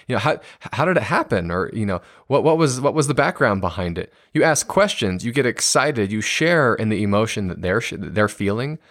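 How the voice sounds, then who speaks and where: A man's voice: on the low side, dry recording, clean studio sound. A man in his thirties hosting a solo podcast episode, explaining ideas earnestly and acting out example replies with bursts of enthusiasm. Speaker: podcast host and speaker on communication.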